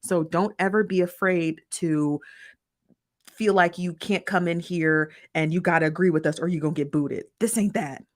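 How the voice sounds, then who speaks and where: A woman's voice: lowish voice, normal speed. A woman hosting a casual livestream, chatty and blunt, with lots of slang, greeting her viewers one by one. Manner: frank and blunt, uses slang. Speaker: livestream host.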